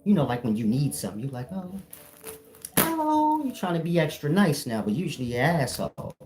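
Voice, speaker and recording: A man acting as a spiritual teacher, lecturing his viewers bluntly in a firm, defined voice with no softness. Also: mid-range voice, expressive, fast, noisy background. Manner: blunt, lecturing, scolding the audience. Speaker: self-styled spiritual teacher. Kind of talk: preachy solo monologue to viewers.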